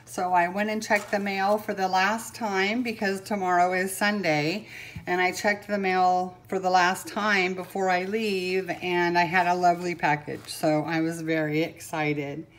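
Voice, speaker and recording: An older woman filming a casual unboxing vlog at home on her camera, gushing and sentimental, pausing often and filling gaps with "um". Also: lowish voice, level tone. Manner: gushing and sentimental, with many pauses and fillers. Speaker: vlogger. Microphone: camera mic.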